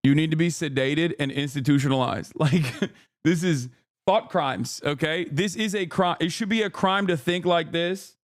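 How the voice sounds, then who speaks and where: A man's voice: a little high, normal speed, dry recording, studio quality. A man streaming, ranting casually and profanely, breaking into mocking put-on voices. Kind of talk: casual livestream commentary.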